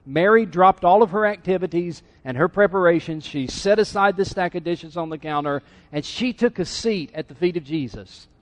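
A middle-aged pastor preaches in a church with a lively, conversational manner. He teases his listeners in a voice a bit higher than most men's. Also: normal speed, hardly any pauses. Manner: conversational, teasing the congregation. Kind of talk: sermon. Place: church sanctuary.

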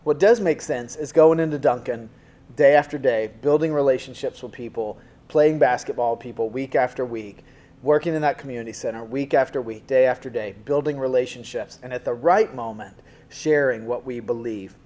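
A man's voice: medium pitch, fairly quick, mellow. A man preaching a sermon in a conversational, storytelling way, acting out quotes from the stories he tells. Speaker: pastor.

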